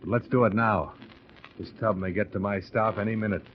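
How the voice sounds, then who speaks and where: A man's voice: lowish voice, fairly even intonation, a little fast. A man playing a hard-boiled detective who also narrates, wry and clipped, in 1940s radio acting. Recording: dull noisy old radio recording.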